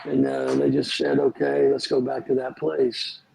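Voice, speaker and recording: Man, pastor, gravelly voice, earnest storytelling, faint background hiss. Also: medium pitch, flat delivery, moderate pace, a little mellow, low-quality recording. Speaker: pastor, podcast guest. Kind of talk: conversational storytelling on forgiveness.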